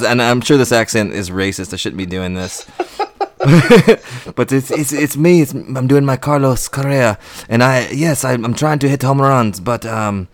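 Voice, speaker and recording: A man's voice: mid-range voice, a little slow, no echo. A man co-hosting a podcast in casual, profane, rambling chat. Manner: profane, rambling, self-mocking. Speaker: podcast co-host.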